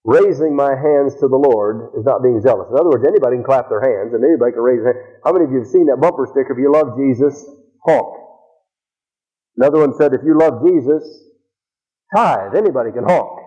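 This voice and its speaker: A pastor preaching a sermon, reading scripture slowly and with emphasis, recorded as a dull, lo-fi radio broadcast. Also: male voice, mid-range voice.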